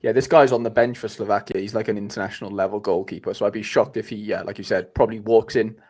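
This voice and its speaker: A man's voice: on the low side, fairly even intonation, fast talker, a little mellow. A man hosting a casual podcast chat, rambling with lots of fillers and restarts. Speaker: podcast host.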